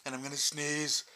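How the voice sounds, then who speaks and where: A man's voice: medium pitch, bright, forceful tone. A man with a runny, itchy nose, casually narrating his own sneezing in a vlog. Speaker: vlogger. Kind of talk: casual vlog talk to camera.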